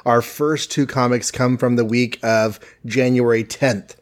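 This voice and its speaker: Chatty man retelling comics. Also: mid-range voice. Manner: chatty, laughing, animated retelling with quick asides. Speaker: podcast co-host. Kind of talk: casual comic recap.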